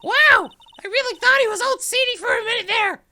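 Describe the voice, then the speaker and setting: A man's voice: fairly quick, pushed and bright, heavily acted. A man doing a squealing bubbly young woman. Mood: amazed. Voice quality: squealing falsetto. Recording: game music behind the voice.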